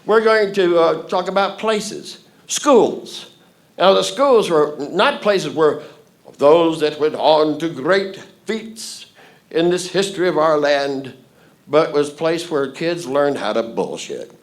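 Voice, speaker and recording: A man's voice: on the high side, animated, slow pace. A man from Fort Worth, telling folksy, playful stories to a live theatre audience. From Fort Worth, Texas. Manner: folksy, playful, leads audience call-and-response. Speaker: storyteller host. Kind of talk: live stage storytelling.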